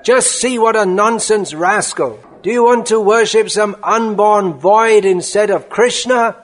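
Man putting on a furious elderly guru, yelling, forceful scolding, high voice. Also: measured pace. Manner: forceful, scolding, rising to shouts.

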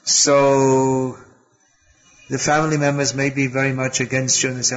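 A man's voice: mid-range voice, monotone, normal speed. A man giving a spiritual lecture as a teacher, often stopping and restarting his sentences. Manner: hesitant, with many restarts and fillers. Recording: dull lo-fi lecture recording.

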